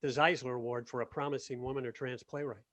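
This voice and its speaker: A man's voice: medium pitch, steady tone, fast talker, fairly bright tone, natural voice. A man playing a sarcastic male artistic director of a theatre in a remote play reading over a video call. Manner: dry, sarcastic.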